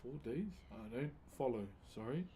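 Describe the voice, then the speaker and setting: A relaxed Kiwi guy carves wood on a live stream, chatting easily with viewers and greeting them by name in laid-back slang. His voice sits mid-range at a moderate pace, with a faint hiss or hum in the background.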